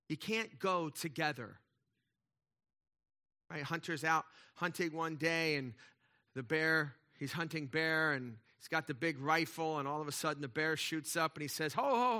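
A middle-aged male pastor preaching a conversational sermon, asking the congregation rhetorical questions and swinging between loud and quiet passages. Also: fairly high pitch, a little slow, pauses often.

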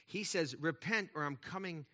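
Bright-voiced man preaching a sermon. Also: on the high side, normal speed. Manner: conversational preaching with rhetorical questions, shifts between loud and quiet. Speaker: pastor.

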